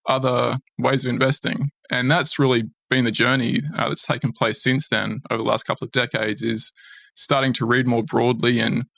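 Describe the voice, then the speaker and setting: An Australian man in his forties, a fund manager speaking in a podcast interview in a measured, reflective way that often restarts. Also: mid-range voice, level tone, gravelly, fairly bright tone, dry recording. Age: 40s.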